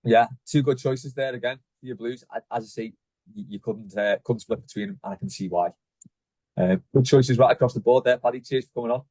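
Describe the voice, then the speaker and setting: A man hosting a podcast, chatting briskly and agreeably with his guest. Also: mid-range voice, darkish tone. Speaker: podcast host. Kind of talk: casual chat.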